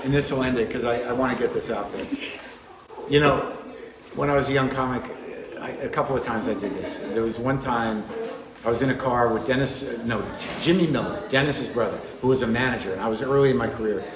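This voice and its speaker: A man of middle pitch tells rambling, wry comedy anecdotes. His voice bounces around an echoey club room, with a crowd murmuring behind him. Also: brisk. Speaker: comedian guest. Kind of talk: casual storytelling chat.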